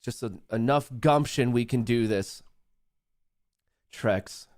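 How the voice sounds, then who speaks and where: A young adult man hosting a live trading stream, talking to chat in a profane, excitable, trash-talking way. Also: medium pitch, slow pace, no room sound, studio quality. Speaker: livestream trading host.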